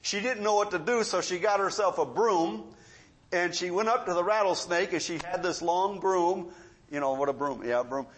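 Preacher man, pretty high voice, tells stories, gets loud then goes real quiet. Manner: storytelling preacher, swings between loud emphasis and quiet asides. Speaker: pastor. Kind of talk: sermon.

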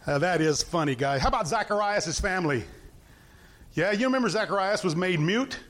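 Animated storytelling preacher, high voice. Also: male voice, fairly quick. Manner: animated storytelling, acting out the characters and laughing. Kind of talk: informal sermon.

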